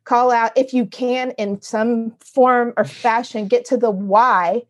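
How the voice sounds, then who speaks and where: A middle-aged woman, a guest author, telling a story in conversation and acting out her own remarks in expressive voices. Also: fairly high pitch, slow pace.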